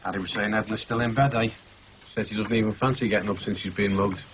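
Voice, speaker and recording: An actor playing a quick-talking dad. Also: male voice, lowish voice, fairly even intonation, close to an everyday voice. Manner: brisk, bantering. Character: chatty working-class husband and dad. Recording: dull noisy TV audio.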